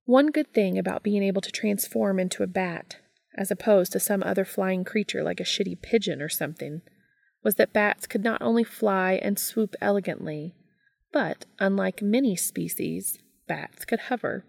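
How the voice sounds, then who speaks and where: A woman reading a romance story aloud in calm, steady scripted narration. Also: medium pitch, moderate pace, creaky, dry recording. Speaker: fan fiction reader.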